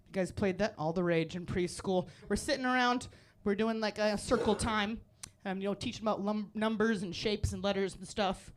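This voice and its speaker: A young woman performing a live stand-up set, animated and giggly, jumping to squeaky high voices when she acts out the kids. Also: a little hiss or hum. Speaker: stand-up comedian. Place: comedy club stage.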